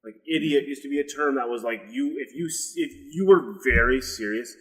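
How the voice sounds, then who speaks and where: A man co-hosting a casual podcast chat, talking in halting bursts with many restarts. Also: medium pitch, fairly bright tone, rough recording. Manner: halting, restarts a lot, laughs easily. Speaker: podcast co-host.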